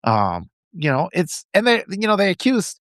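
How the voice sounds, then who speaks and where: A man hosting a live stream, speaking with fervent conviction in a somewhat high voice. He hammers his points home by repeating phrases and reacts to viewer chat between remarks. The sound is close and dry, with no room echo. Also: wildly swooping pitch, normal speed, fairly bright tone. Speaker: livestream host. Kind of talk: impassioned political commentary reading live chat.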